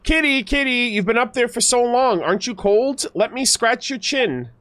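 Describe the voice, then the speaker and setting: A man putting on a high cooing cat-coaxer. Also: expressive, moderate pace, fairly bright tone, no room sound. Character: sweet-voiced coaxer cooing at a stuck cat.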